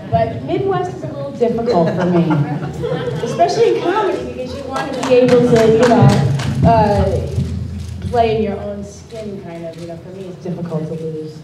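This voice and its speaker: A woman's voice: a little high, lively intonation, moderate pace. New York woman on a noisy panel. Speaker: voice actress on panel. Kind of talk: panel discussion. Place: convention panel room. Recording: echoey convention hall from far off, loud crowd.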